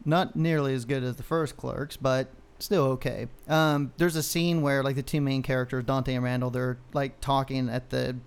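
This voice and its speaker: A man's voice: medium pitch, moderate pace, vocal fry, few pauses, clean tone. A man co-hosting a podcast, ranting in casual chat, heavy on profanity and rambling stories. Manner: profane, ranting, animated storyteller. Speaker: podcast co-host.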